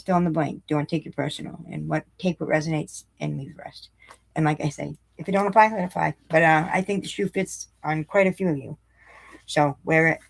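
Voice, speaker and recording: A woman reading a daily recovery meditation aloud, breaking off with blunt, sarcastic asides and slowing down to repeat lines for emphasis. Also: low voice, gravelly.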